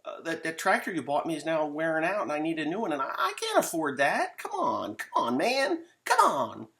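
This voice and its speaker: A man's voice: a little high, sing-song, brisk, a bit bright, pitched above the performer's own voice. A man voicing a whining grown son who begs his parents for money in a pleading tone.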